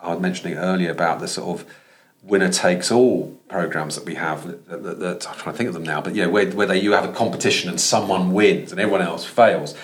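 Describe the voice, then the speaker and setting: A man with a low voice and a Thames Estuary accent talks as a guest in a podcast conversation. He is earnest and works his thoughts out aloud, often restarting sentences. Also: a little fast. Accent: Thames Estuary English. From London. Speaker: professor, guest.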